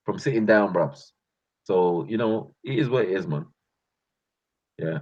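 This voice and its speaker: A man telling boastful street stories in a casual, slangy, animated vlog. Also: on the low side, measured pace, breathy edge. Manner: animated, slangy, boastful, breaks into laughs and sound effects. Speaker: channel host. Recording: muffled lo-fi sound.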